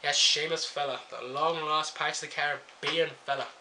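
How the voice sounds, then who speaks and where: A young man rants through a casual review with sarcasm and plenty of swearing. His voice is very bright and sits a bit high. A faint hiss runs under the home recording. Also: fairly even intonation, normal speed. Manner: sarcastic, swears freely, jumps between topics. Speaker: wrestling show reviewer.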